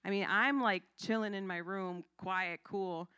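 Woman preaching, hushed to shouting. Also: mid-range voice, measured pace, clear, resonant tone, no echo, studio quality. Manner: dramatic swings from hushed near-whisper to loud preaching; emphatic repetition. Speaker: church speaker giving testimony. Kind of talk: sermon testimony.

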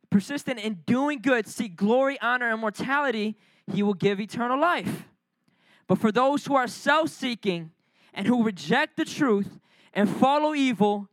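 A man's voice: very high-pitched, no echo, low-quality recording. A male preacher delivering an emphatic, repetitive sermon, speaking directly to his church.

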